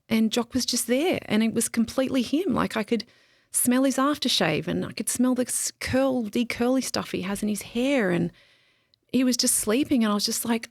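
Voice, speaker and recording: A woman guest on a podcast, telling a deeply personal story in a halting way, with many pauses and restarts. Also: creaky, no room sound, studio quality. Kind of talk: emotional interview, personal story.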